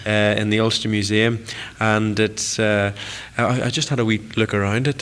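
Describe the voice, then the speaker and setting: A man's voice: fairly low pitch, little pitch movement, moderate pace, fairly bright tone, clear, resonant tone. A young man with a Northern Irish accent, a guest telling funny stories in a casual chat and laughing as he goes. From Northern Ireland. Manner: chatty, jokey, laughs through stories. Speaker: TV presenter, radio guest. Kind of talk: casual chat, anecdotal storytelling.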